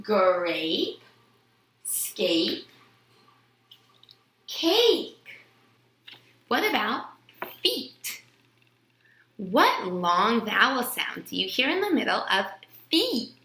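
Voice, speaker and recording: A woman teaching phonics to young children, speaking very slowly with a bouncy, sing-song lilt. Her voice is bright and clear, and it rings in an echoey room. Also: medium pitch, very animated, a little hiss or hum. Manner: stretches out words and sounds, asks and answers her own questions.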